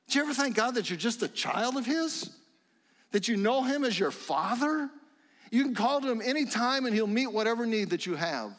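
A middle-aged man preaching a sermon in a church sanctuary, fervent and rising to excited exclamations. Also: very high-pitched, moderate pace, big-room sound. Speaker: pastor.

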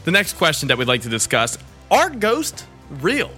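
A man's voice: a little high, huge pitch swings, moderate pace, pushed and bright, faint music behind. A young man co-hosting a casual chat who laughs often and swears freely while joking crudely. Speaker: podcast co-host.

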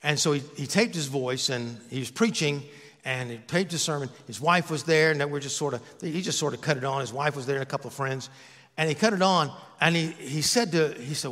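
Joking pastor preaching in an echoing church. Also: male voice, a little high, a little fast, a bit bright. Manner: conversational, joking preaching with self-mocking asides. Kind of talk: sermon. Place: church sanctuary.

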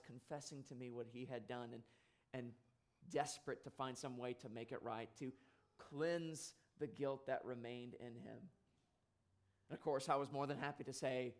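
A man preaching a sermon in an earnest way, rising louder on key points and dropping soft on sad ones. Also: mid-range voice, moderate pace.

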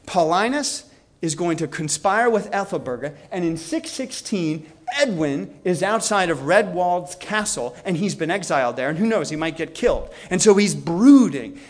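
A man's voice: animated, normal speed. A man lecturing on history, telling the story with energy and acting out the quoted lines. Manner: storytelling, acts out quotes with shifts in pitch.

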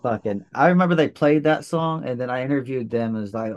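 A man's voice: medium pitch, quick pace. A man hosting a podcast, casual chat with laid-back, profane reactions. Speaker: podcast host.

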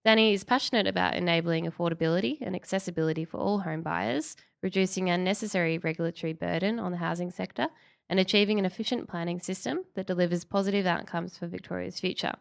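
A woman hosting a podcast, hoarse and nasal from a cold, reading a formal introduction. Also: lowish voice, quick pace. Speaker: podcast host. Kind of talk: scripted introduction.

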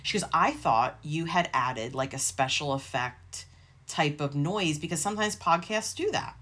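A woman with a deep, low-pitched voice co-hosts a chatty podcast. She tells stories in a loose, rambling way, full of fillers and the odd swear word. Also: normal speed. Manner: rambling, swears freely, animated retelling. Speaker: podcast co-host. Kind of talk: casual chat, storytelling.

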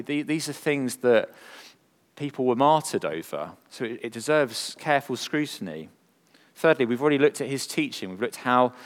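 A man preaching a sermon, earnest and full of rhetorical questions, moving from emphatic lines to hushed ones. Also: medium pitch. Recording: long hall reverb.

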